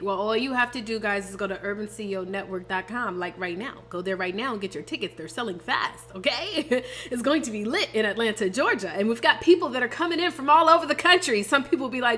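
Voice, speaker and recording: A woman host, pumping up her audience about an upcoming conference in an energetic promotional pitch. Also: fairly quick, few pauses, faint music behind. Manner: hyped, emphatic, addresses audience as y'all.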